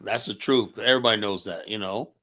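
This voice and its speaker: In a casual live-stream debate, a man with a lowish voice and a sharp tone talks briskly as he argues his point heatedly. He's argumentative and constantly adds rhetorical questions like "you know?"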